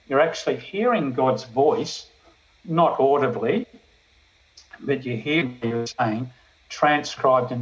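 An older man, a police chaplain giving a storytelling sermon testimony that slows down for emphasis. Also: mid-range voice, highs cut off, a little hiss or hum. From Australia.

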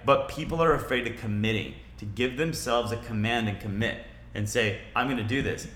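A man's voice: medium pitch, fairly quick, fairly bright tone. A man giving a blunt, profane, fired-up motivational talk in a casual chat. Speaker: podcast guest, entrepreneur. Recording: roomy echo.

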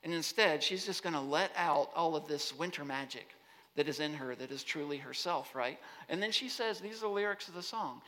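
A man giving an animated talk to students on a campus, often asking the audience rhetorical questions. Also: on the high side, brisk. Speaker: speaker. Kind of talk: lecture-style talk to students. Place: large hall on a college campus. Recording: long hall reverb.

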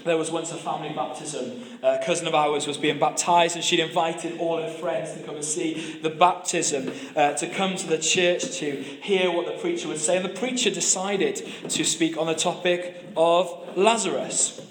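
A man's voice: fairly high pitch, fairly even intonation, normal speed, few pauses, echoey room, a little hiss or hum. A man preaching a sermon, telling stories with humor and often restarting his phrases. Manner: storytelling with humor and repeated restarts.

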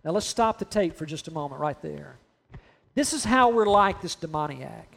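A pastor preaches in a high, light voice. He talks to the congregation directly, checks in with them, and slips into imagined voices to make his point. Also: animated, moderate pace, vocal fry, fairly bright tone. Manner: conversational, asks the congregation questions, acts out imagined voices. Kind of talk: sermon.

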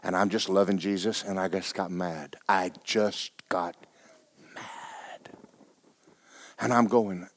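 A man, a pastor preaching and telling a story with animated bursts of loud shouting. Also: sits low, slow, long pauses, no echo. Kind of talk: sermon.

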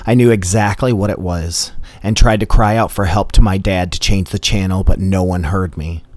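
A man's voice: deep voice, fairly even intonation, moderate pace, darkish tone, dry recording. A man telling a comedic personal story in a dry, matter-of-fact way. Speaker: storyteller host.

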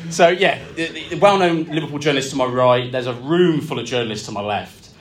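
A man, co-hosting a live podcast and telling stories with lively delivery in a function suite. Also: mid-range voice, fairly quick. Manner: lively storyteller, acts out quotes. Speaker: podcast co-host.

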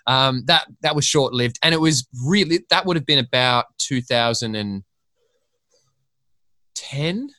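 Bright-voiced sweary Australian guy. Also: medium pitch, animated, measured pace, pauses often, dry recording. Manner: rambling, sweary storytelling. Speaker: podcast guest. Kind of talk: casual chat.

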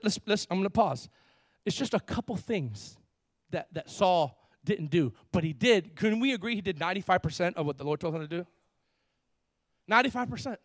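A man preaching a lively sermon, reading scripture and repeating his words with frequent laughs. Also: high-pitched, dry recording, clean studio sound. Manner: animated, repeats words, laughs often, acts out characters. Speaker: pastor.

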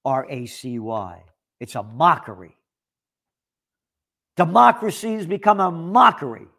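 A man's voice: a little high, fairly bright tone. A man ranting in political commentary, sarcastic and emphatic.

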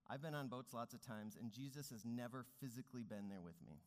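A man's voice: mid-range voice, a little fast. A man preaching a sermon as pastor, speaking earnestly with rising and falling emphasis. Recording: long reverb of a large hall.

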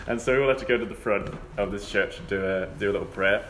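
A man's voice: on the low side, fairly even intonation, fast, hardly any pauses, fairly bright tone. A young man telling a rambling story in casual chat. He laughs often and slips into mock voices. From England. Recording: echoey room, faint background noise.

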